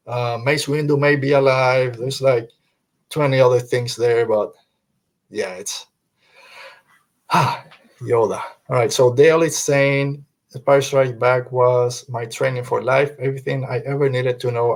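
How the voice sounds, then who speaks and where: A man hosting a fan podcast, talking earnestly and emphatically, quoting film lines and repeating himself to drive a point home. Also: mid-range voice. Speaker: podcast host.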